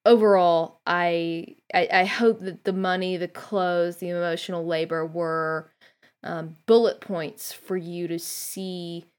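A woman guest-hosting a podcast, talking thoughtfully and earnestly about a book, pausing often with "um". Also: fairly low pitch, fairly even intonation. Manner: earnest, thoughtful, frequent hesitations with um. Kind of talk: casual reflective commentary on a book.

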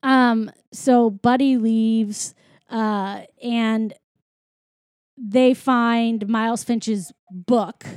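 Woman, higher pitch, dry close sound, chatty plot recap, casual co-host. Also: fairly even intonation, very slow, darkish tone, clean tone, dry recording. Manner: chatty, lots of filler and quoted voices. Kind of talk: casual chat, retelling a film plot.

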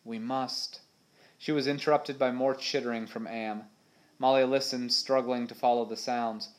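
A man narrating a storybook adventure in a steady, measured voice at an average pitch. The reading is calm and even, keeping the action clear. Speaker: audiobook narrator.

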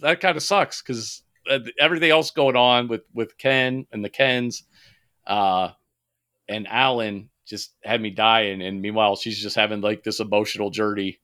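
Co-hosting a podcast, a man with a fairly low, pushed and bright voice keeps a steady tone at normal speed. He talks about movies in a casual, animated way, often swearing and laughing, with lots of fillers and restarts.

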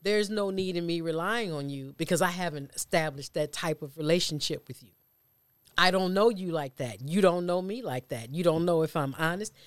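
A man's voice: on the high side, normal speed, smooth, no echo. A man co-hosting a casual faith discussion, building his points with preacherly repetition. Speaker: church podcast co-host.

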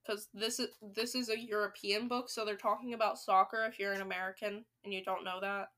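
A woman's voice: mid-range voice, level tone, fairly quick, a bit bright. A woman hosting a podcast, reading a children's book aloud and breaking off for playful, joking asides. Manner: playful, joking commentary between passages. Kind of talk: storybook reading with chatty asides.

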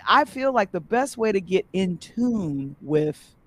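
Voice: mid-range voice, very animated, slow, a bit bright. Supportive podcast host. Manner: supportive, frequent short affirmations. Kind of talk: casual podcast conversation.

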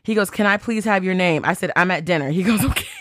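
Low-voiced woman telling a story. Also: quick pace. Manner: chatty, animated retelling, quotes texts aloud, swears freely. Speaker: podcast host. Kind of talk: casual storytelling.

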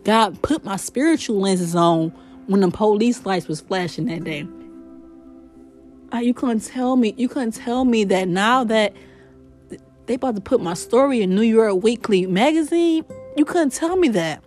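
Expressive woman podcaster, faith testimony. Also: on the high side, a little slow, faint music behind. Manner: emotional, expressive, faith-filled storytelling. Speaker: podcast host. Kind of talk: spiritual testimony.

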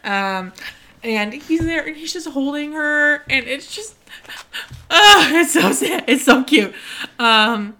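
Bright, lively woman chatting about a book. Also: high-pitched, unhurried, slight background noise. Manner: giggly and emotional, gushing, reads passages softly. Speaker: podcast co-host. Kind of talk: casual book-club chat with read-aloud passages.

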